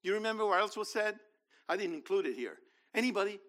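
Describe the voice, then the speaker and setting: Male preacher, high and bright, animated Bible teaching. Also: quick pace. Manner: animated, acts out biblical figures, talks to congregation.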